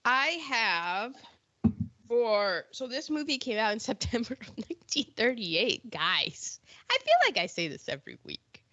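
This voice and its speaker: A woman's voice: a little high, sing-song, measured pace, pushed and bright, no echo, highs cut off. A woman co-hosting a podcast, chatting casually and laughing often as she trails into asides. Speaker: podcast co-host. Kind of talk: casual chat about old films.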